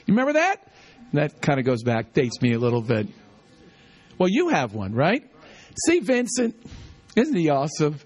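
A man's voice: a little high, very animated, normal speed, long pauses, a little mellow, slightly rough, soft background music. A man preaching a sermon, teaching with call-and-response and repeating key lines for the congregation. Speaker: pastor.

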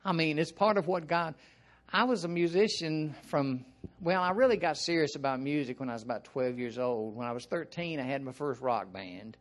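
An older man with a Southern American accent delivers an informal sermon, his fairly high voice moving at a normal speed. His style is folksy and rambling, full of asides and throat clearing.

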